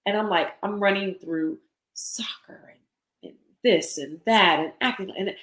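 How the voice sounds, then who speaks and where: A woman's voice: mid-range voice, a little slow, a bit bright. Guest woman, candid and chatty, thirties, roomy echo. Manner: candid, chatty, laughs often. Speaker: guest poet. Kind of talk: casual podcast conversation.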